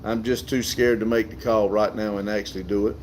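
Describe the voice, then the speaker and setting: A man's voice: lowish voice, little pitch movement, brisk, slight background noise. A middle-aged man with a Southern US accent hosts a casual livestream outdoors, reading viewer comments aloud and laughing often. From southern United States. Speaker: livestream host reading chat. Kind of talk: casual live chat.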